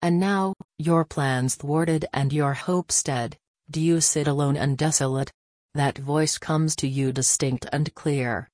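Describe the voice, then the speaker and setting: Low-voiced woman reading devotional text. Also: darkish tone, dry recording, studio quality. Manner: measured, solemn reading. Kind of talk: scripted devotional narration.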